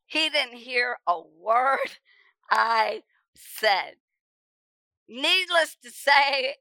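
A middle-aged woman preacher telling her testimony with emphasis, often repeating words and rising to shouts at the dramatic moments. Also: fairly high pitch, vocal fry, dry recording, poor audio. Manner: repeats words when stirred. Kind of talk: testimony sermon.

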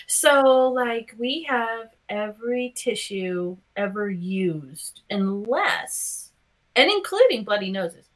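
Lively self-mocking woman, chatty and rambling. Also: on the high side, slow. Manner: rambling, self-mocking, lots of fillers and laughs. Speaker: podcast co-host. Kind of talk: casual chat.

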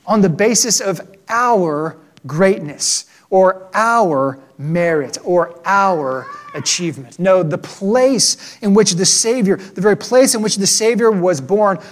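A man preaching a sermon, earnest and conversational, often tagging "right?" onto his points and slowing to a hushed tone on solemn lines. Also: high voice. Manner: drops to a hushed, slow delivery on solemn points. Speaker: pastor.

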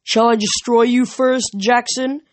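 A reader booming as a gloating titan lord. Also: level tone, measured pace, natural voice.

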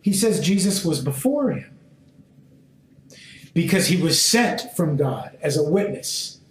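A man teaching a sermon and reading scripture aloud, speaking in short, deliberate phrases and pressing his listeners with emphatic questions. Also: on the high side, lively intonation. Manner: slow, deliberate phrasing in short measured fragments. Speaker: Bible teacher. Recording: roomy echo.

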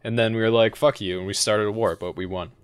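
A man's voice: lowish voice, steady tone, fast, smooth, no echo, clean studio sound. An American man in crude, casual podcast chat, rambling and mocking with lots of fillers and swearing.

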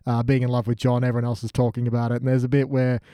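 A man's voice: medium pitch, monotone, rapid-fire, dark tone, clear, resonant tone, no room sound, studio quality. A man co-hosting a podcast in casual chat, joking around and slipping into silly voices. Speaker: podcast co-host.

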